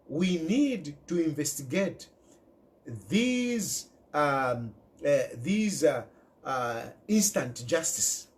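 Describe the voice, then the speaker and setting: Zambian man, political commentary, emphatic and repetitive, animated pitch, slightly high voice. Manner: emphatic, repeats key phrases, mixes in local words. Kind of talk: impassioned direct-to-camera commentary.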